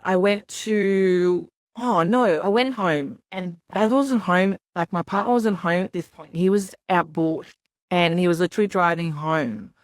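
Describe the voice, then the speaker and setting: Low-voiced woman telling her story. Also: dry recording, clean studio sound. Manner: rambling, lots of "like" and quoted asides. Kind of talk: casual storytelling chat.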